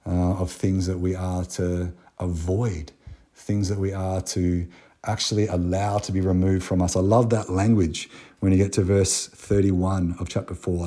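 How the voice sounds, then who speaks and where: A man's voice: sits low, dark tone. A man with an Australian accent preaching a sermon, reading Bible verses and then talking them through in a conversational way with fillers and restarts. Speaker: pastor.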